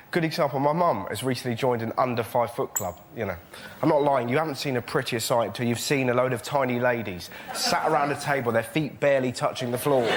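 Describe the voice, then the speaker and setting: A young English man, a comedian on a panel show, telling cheeky stand-up stories to a studio audience and jumping into loud character voices. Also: medium pitch, noisy background. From England. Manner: cheeky, animated storytelling, jumps into shouted voices. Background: big laughing studio audience.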